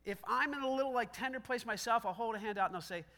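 A man's voice: extremely high pitch, fast, pushed and bright. A man preaching a sermon as pastor, in a conversational style that acts out quoted dialogue with self-deprecating humor.

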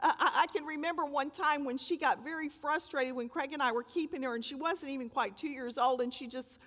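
An older woman preaching a sermon, telling the story dramatically and with emphasis, swelling loud and dropping to a hush. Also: high voice, fairly quick. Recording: long hall reverb.

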